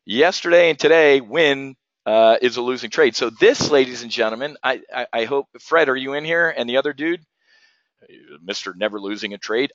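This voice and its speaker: A man teaching options trading on a live webinar, energetic and profane, firing rhetorical questions at his viewers. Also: medium pitch, normal speed, no echo, dull audio.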